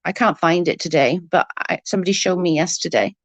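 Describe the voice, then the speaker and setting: A woman talks casually on a livestream, answering viewers and venting bluntly, with some swearing. Her voice is husky and hoarse from a cold, with a gravelly, creaky edge. She is recorded close up in a dry, dead-sounding space. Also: fairly low pitch, brisk, no echo. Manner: blunt, swears freely, vents about double standards. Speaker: livestream host. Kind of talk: casual live chat reading comments.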